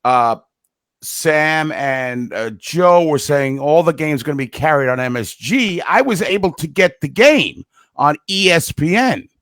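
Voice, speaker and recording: A man's voice: fairly high pitch, lively intonation, measured pace, a bit bright, no room sound, clean studio sound. A man with a New York accent co-hosting a casual fan podcast, joking and bantering. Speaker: podcast co-host. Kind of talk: casual hockey fan chat.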